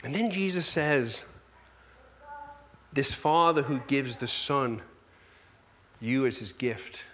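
A male pastor preaching a sermon in an animated, self-deprecating way, full of rhetorical questions. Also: mid-range voice, takes it slowly.

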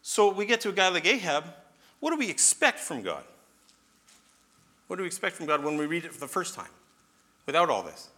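Animated man teaching the Bible. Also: on the high side, brisk, long pauses. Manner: animated, with rhetorical questions and repeated checks like "okay?". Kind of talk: sermon.

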